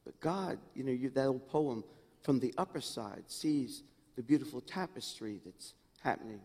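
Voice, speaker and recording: A middle-aged man preaching a sermon as senior pastor, swinging from hushed, intimate asides to loud, rising exclamations. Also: medium pitch, moderate pace, vocal fry. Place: church sanctuary. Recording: long reverb in a church hall.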